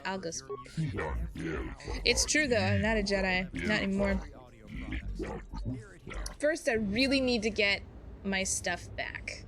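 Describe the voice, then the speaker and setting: A woman in her thirties, a mom who streams on Twitch, chats in a bubbly, casual way while playing a video game, laughing and using lots of fillers. Her mid-range voice is slow with long pauses, and a crowd and game music can be heard in the background.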